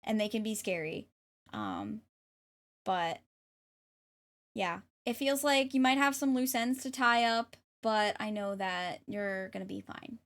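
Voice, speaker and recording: A woman's voice: mid-range voice, big pitch swings, measured pace, fairly bright tone. A woman streamer and tarot reader chatting casually on a livestream, reading chat aloud and thanking viewers in a bubbly way, at times trying a playful English accent. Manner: jokingly puts on an English accent.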